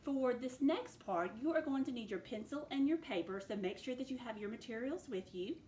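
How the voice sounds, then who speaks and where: A woman teacher leading a recorded phonics lesson, clearly sounding out words and letters for her students. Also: a little high, expressive, brisk, a little mellow, reverberant, a little hiss or hum. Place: classroom with a board.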